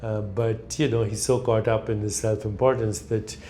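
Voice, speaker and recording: An older man with an Indian accent, speaking in a measured, reflective way as a guest, slowing down on key words and telling anecdotes. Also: on the low side, little pitch movement, dark tone, a little hiss or hum. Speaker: guest, spiritual author.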